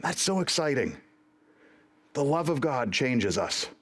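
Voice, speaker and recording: A man's voice: medium pitch, very animated, measured pace. A man preaching a sermon to his congregation in an earnest, emphatic way. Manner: earnest, emphatic, breaks into acted prayers and quotes. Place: church service recorded for online stream.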